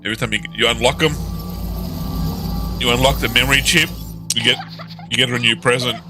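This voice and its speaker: A man's voice: medium pitch, steady tone, brisk. A man chatting casually and goofily while streaming a video game. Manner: goofy, silly and chatty. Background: game music.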